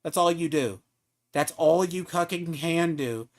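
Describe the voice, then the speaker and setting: A man's voice: fairly high pitch, a little slow. A man streaming a game, ranting at another player in a profane, taunting, mocking way. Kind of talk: heated live-stream rant at a player.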